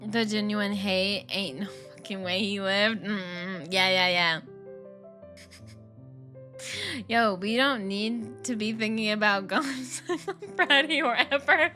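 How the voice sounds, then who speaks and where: Faint music sits behind a young woman who chats casually while streaming a game, ranting in slang and laughing. She speaks in a mid-range voice that sounds pushed and bright.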